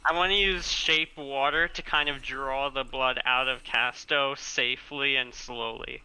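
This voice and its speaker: A man playing a tabletop game, explaining his character's actions in halting, restarting sentences. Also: mid-range voice, steady tone, sharp tone, smooth, rough recording. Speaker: player. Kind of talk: casual tabletop play.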